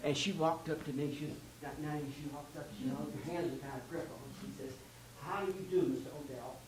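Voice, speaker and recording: A man's voice: a little high, quick pace, a little hiss or hum. An author telling a story in an address and acting out the people he quotes. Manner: animated storyteller who acts out quoted voices. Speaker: author giving a talk.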